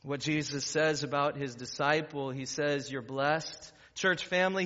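A man's voice: a little high, fairly even intonation, measured pace, a bit bright. A man preaching a sermon as pastor, talking conversationally and rising to emphatic preaching. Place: church sanctuary. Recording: muffled recording in a reverberant church hall.

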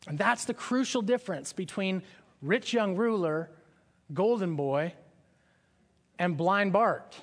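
A man's voice: sits high, animated, takes it slowly, long pauses. A man preaching a sermon in a conversational style, often asking his listeners questions. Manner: conversational, asks the audience questions. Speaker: pastor.

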